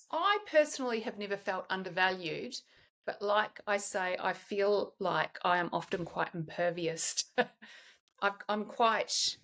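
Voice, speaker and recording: A woman's voice: mid-range voice, takes it slowly, pauses often, a bit bright. A woman in her forties, a guest in a candid podcast conversation, talks in a reflective way and often restarts while she searches for words.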